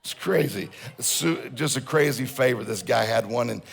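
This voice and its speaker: A man's voice: mid-range voice, moderate pace, gravelly, husky. A man giving a humorous motivational seminar talk, telling stories and joking with a church audience. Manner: storytelling, jokes with audience. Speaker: motivational speaker.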